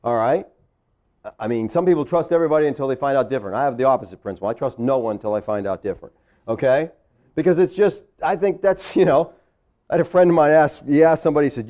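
A man's voice: fast, darkish tone. A man preaching a sermon in a conversational way, often checking in with "all right?" and "okay?", and acting out the voices of the people he quotes. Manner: acts out quoted voices with big pitch swings. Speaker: pastor.

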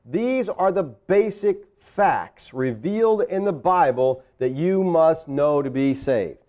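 Male pastor, conversational sermon, high and lively voice, keeps asking the room "okay?", acts out the people he quotes. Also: slow pace. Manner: conversational preaching with frequent "all right?" and "okay?" checks; acts out quoted voices with big pitch swings.

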